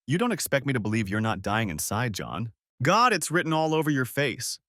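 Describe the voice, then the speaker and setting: A man's voice: medium pitch, big pitch swings, brisk, bright, forceful tone, no echo, studio quality. A man voicing a hurt, pleading wife. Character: distraught wife confronting her husband, woman in her thirties.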